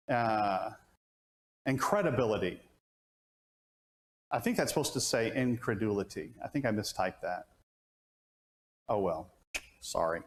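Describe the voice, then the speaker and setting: A man preaching a conversational Bible lesson to a class, asking questions and restarting his sentences. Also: mid-range voice. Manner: asks the audience questions, many restarts. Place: church classroom. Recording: roomy church room sound.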